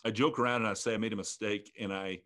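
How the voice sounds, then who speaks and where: As an interview guest, a fifty-something ministry leader recounts his personal story with earnest reflection. He talks fast in a fairly low, fairly bright, steady voice, often breaking off and restarting his sentences.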